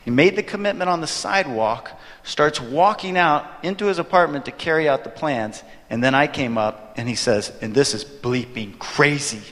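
A man preaching a sermon, telling a story with animated delivery and acting out his own reactions. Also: a little high, normal speed. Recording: long hall reverb.

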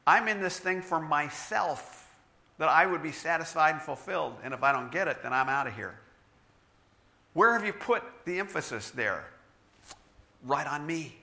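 Bright-voiced man preaching with humor. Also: on the high side. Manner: animated storytelling with self-deprecating humor. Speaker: pastor. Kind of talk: sermon.

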